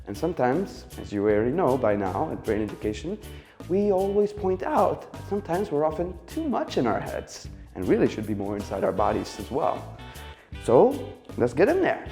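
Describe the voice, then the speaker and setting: Male fitness instructor, pitched a little high, very animated delivery, encouraging coach with sighing exhales. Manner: calm, encouraging, coaching through movements with sighs. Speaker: exercise instructor. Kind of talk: guided exercise instruction.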